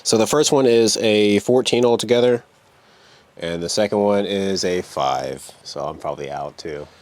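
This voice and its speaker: A man playing a tabletop game, talking casually and thinking out loud with hesitations. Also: lowish voice, normal speed, no room sound. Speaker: player.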